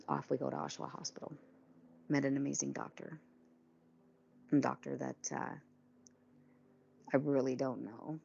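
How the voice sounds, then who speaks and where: A woman's voice: sits low, moderate pace, gravelly, pauses often, mellow, highs cut off, a little hiss or hum. A woman in her fifties telling her own cancer story candidly, acting out what others said to her. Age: 50s. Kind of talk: personal testimony.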